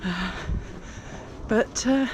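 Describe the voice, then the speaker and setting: Her medium-pitched voice moves extremely slowly as the older woman vlogs while walking outdoors on country paths along a pilgrimage trail. The chat is casual and rambling, packed with fillers, with background noise present.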